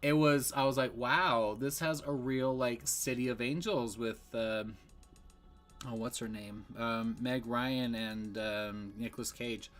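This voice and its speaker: A man's voice: mid-range voice, steady tone, measured pace. Guy rambling thru a movie review, lots of ums, faint music behind. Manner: rambling, digressive, with many fillers and restarts.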